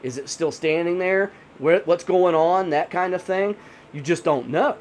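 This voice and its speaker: A man's voice: high voice, measured pace, a little hiss or hum. A man telling a horror story in a casual, rambling way, full of "you know" fillers. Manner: rambling, many 'you know' fillers.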